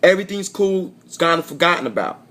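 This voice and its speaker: A man's voice: high-pitched, lively intonation, fast, a bit bright. A man telling a rambling, profane story straight to camera in a casual vlog, often correcting himself as he goes. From Florida. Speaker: vlogger.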